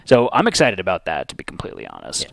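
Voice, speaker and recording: A man's voice: low voice, wildly swooping pitch, fast, gravelly, a bit bright, dry recording. A young man co-hosting a game stream, casually joking and announcing upcoming shows in an upbeat way. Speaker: stream co-host. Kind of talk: casual stream sign-off chat.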